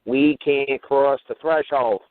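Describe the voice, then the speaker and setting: A man hosting a call-in radio show, talking in a rambling way and acting out little dialogues with sudden jumps in pitch. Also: steady tone, slow, no room sound. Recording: tinny phone-like radio audio.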